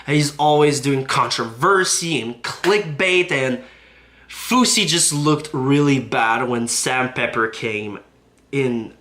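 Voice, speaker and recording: A man's voice: mid-range voice, slow, sharp tone. A man recapping online drama on his YouTube channel, profane and indignant as he talks. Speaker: YouTube commentator.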